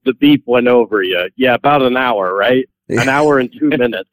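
A man's voice: medium pitch, normal speed, no echo, low-quality recording. Guy calling in to a radio show, rambles on, dry close sound. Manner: rambling, self-correcting. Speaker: caller. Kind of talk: casual phone-in chat.

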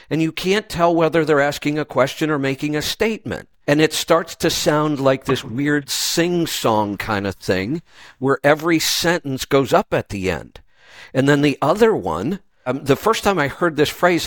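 A man hosting a radio show in casual chat, opinionated and talking quickly with many restarts. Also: mid-range voice, expressive, no echo. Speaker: radio host.

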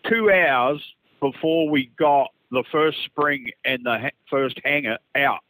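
A man's voice: mid-range voice, slow, fairly bright tone, no echo, poor audio. A man calling in to a radio show, chatting and telling a long story, often repeating himself. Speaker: caller. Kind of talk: call-in conversation.

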